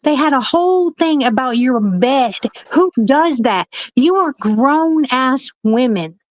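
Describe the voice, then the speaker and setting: A woman with a fairly high voice speaks as a guest in a heated livestream chat. She talks emphatically in long, rambling runs, swearing freely. The sound is dry and close, with no room echo. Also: animated, slow.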